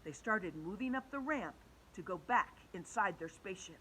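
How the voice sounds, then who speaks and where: A woman reads a children's storybook aloud with an animated, sing-song delivery that rises and falls a lot. Her tone is bright and clear. She shifts her voice for each character. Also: medium pitch, moderate pace, a little hiss or hum, low-quality recording. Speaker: children's book reader.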